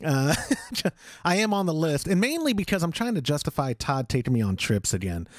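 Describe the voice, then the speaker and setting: A man's voice: a little high, very animated, moderate pace, no room sound, studio quality. A man co-hosting a casual podcast, joking and teasing with frequent laughs. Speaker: podcast co-host.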